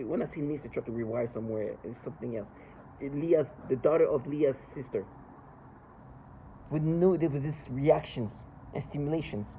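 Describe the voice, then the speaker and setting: A man's voice: medium pitch, dark tone, a little hiss or hum, rough recording. A man in an agitated, accusatory, emotional rant, speaking as a monologue. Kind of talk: angry ranting monologue.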